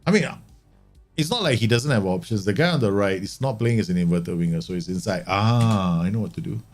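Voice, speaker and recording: A man's voice: fairly low pitch, animated, brisk, a little mellow, faint music behind. A man streaming a football management game, talking through the match and exclaiming and grumbling at his team. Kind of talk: live gameplay commentary.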